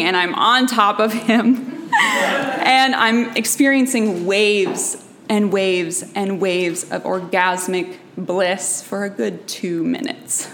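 A young woman tells a deeply personal story in a slow, unhurried way. Her delivery is intimate and emotional, laughter never far from tears. A faint hum of noise sits behind her. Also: fairly bright tone. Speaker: storyteller and guest.

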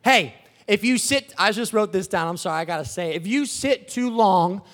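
A male preacher giving a high-energy sermon, shouting out exclamations. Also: expressive, moderate pace.

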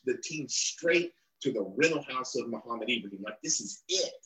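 A man's voice: mid-range voice, animated, normal speed, pushed and bright, reverberant, low-quality recording. Man telling a war story with quoted dialogue. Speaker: interview guest, former interrogator. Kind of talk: storytelling in an interview.

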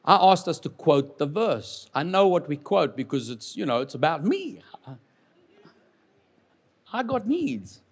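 Male pastor, higher-pitched, animated sermon delivery with humor and big dynamic swings. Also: moderate pace, hardly any pauses, slightly rough. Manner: animated, jokes with congregation, swings from loud to quiet. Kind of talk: lively sermon.

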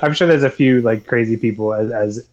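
A man co-hosts a loose movie podcast in a mid-pitched voice. He rambles, swears freely and laughs often as he talks. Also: brisk, a little mellow, muffled recording. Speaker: podcast co-host. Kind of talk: casual movie podcast chat.

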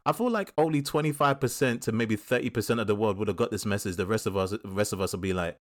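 Talking fast in a fairly low voice, an English co-host with a South East London accent recounts a film's plot during a relaxed review chat, performing short quotes as an animated storyteller.

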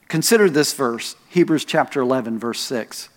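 A man's voice: mid-range voice, normal speed, big-room sound. A man preaching a sermon as pastor, telling stories with self-deprecating asides and leaning hard on key words. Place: church sanctuary.

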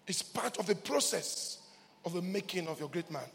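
A man preaching a sermon as pastor in a church, swinging from hushed lines to shouts and repeating key words. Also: sits high, lively intonation, normal speed, creaky, big-room sound.

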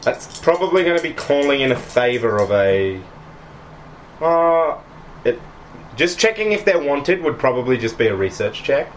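A man's voice: medium pitch, very animated, moderate pace, slight background noise. A man explaining rules as game master of a tabletop game.

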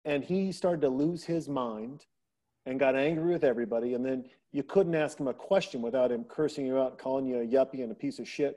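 With a medium pitch and a fairly quick pace, a middle-aged man shares family stories during a relaxed podcast chat. He tells them in an animated way, performing the voices of those he quotes, his daughter among them.

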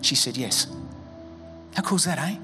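A man's voice: a little high, lively intonation, normal speed, music in the background. A man preaching a sermon as a pastor, conversational and joking, acting out quoted voices. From Australia.

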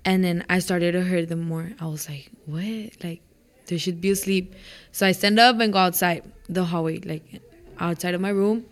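A teenage girl telling a ghost story in casual chat. She is animated, says "like" a lot and acts out what people said. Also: lowish voice, normal speed. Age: teens. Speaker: student club member.

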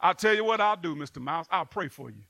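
A man's voice: on the high side, lively intonation, quick pace, creaky, sharp tone, no room sound, voice pushed down, heavily acted. A man doing a smug, aloof pig. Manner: aloof, self-satisfied. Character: smug, indifferent male farm pig.

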